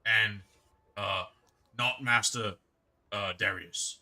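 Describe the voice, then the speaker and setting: Bright, eager lizardfolk messenger in a tabletop role-play, cheerful and fawning, voiced by a man. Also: on the low side, fairly even intonation, slow pace, exaggerated voice, low-quality recording.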